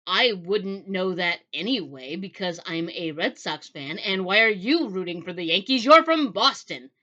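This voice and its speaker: A woman voicing an exasperated young female time traveler who protests rapidly and emphatically. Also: on the low side, expressive, fairly bright tone, dull audio.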